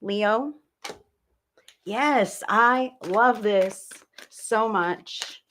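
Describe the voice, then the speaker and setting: A woman's voice: medium pitch, extremely slow, fairly bright tone, a little hiss or hum. A woman hosting a live tarot reading stream, chatting casually with her viewers, sometimes swearing and sometimes turning away from her microphone. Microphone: desk mic, turns away from it at times.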